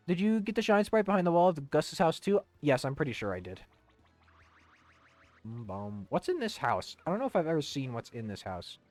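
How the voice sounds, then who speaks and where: A young man casually streaming a video game, rambling, swearing and humming to himself. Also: a little high. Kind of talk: casual gaming stream chat.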